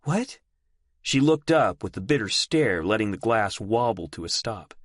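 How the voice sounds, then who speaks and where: A man narrating an audiobook in a measured storytelling manner. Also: lowish voice, animated, no room sound. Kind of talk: scripted narration.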